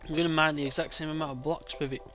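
A man with a fairly high, bright and edgy voice talks through his gameplay in a loose, let's-play manner. He gets excitable and swears loudly when things go wrong, speaking close to a desk mic with faint game music underneath. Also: very fast. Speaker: gaming channel host. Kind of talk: casual let's-play commentary.

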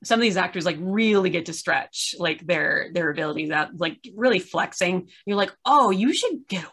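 A woman's voice: fairly low pitch, normal speed, fairly bright tone, breathy edge. Rambling, tired woman host. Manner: rambling, many fillers. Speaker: podcast host. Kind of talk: casual discussion. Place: her room at home.

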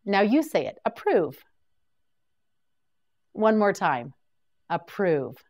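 Slow, lively-voiced woman teaching vocabulary. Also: medium pitch. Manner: slow, deliberate repeat-after-me drilling. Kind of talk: slow drilled vocabulary lesson.

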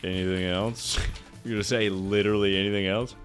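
Casting note: young male streamer, deep low voice, playful and mocking, faint music underneath. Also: fairly even intonation, brisk. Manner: playful, mocking, often laughing. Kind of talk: comedic reading of an AI chat.

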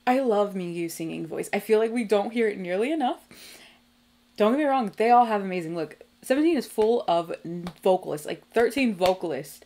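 A young woman hosting a music video reaction, talking casually and reacting excitedly with gasps, laughs and swearing. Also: medium pitch, a little fast. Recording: faint music behind.

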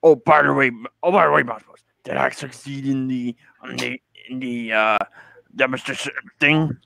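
A man in casual group chat who talks haltingly, with many restarts. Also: medium pitch, fairly even intonation, vocal fry, bright, forceful tone, slight background noise.

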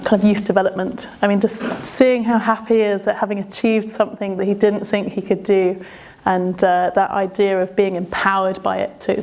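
A British woman who works as an adventurer and speaker tells a travel story in a medium-pitched, darkish voice. Her delivery is chatty and self-deprecating, with plenty of laughter.

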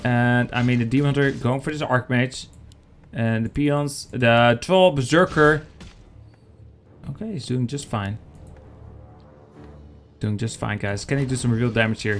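A man casting a strategy game match live, chatty and excitable, talking to viewers as guys. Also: medium pitch, normal speed, faint music behind. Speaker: esports caster.

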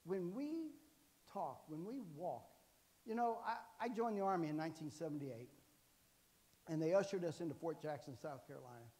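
A man's voice: on the high side, animated, normal speed, mellow, long reverb tail. A man in his sixties, a guest preacher telling jokey, folksy stories in a sermon and often asking "amen". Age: 60s. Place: church sanctuary.

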